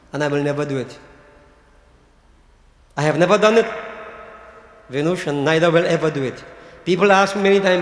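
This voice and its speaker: Guy preaching to devotees, pitched kinda high, long echo like a big hall. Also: slight background noise. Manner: preaching, repeats key words, addresses listeners as devotees. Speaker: Hindu priest. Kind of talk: sermon. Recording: echoey hall.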